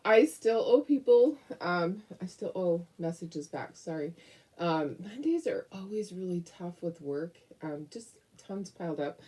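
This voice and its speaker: Chatty woman, husky and lively. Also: fairly low pitch, a little slow. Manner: chatty, rambling, laughs often, many fillers. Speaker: craft show host. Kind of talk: casual live-stream chat.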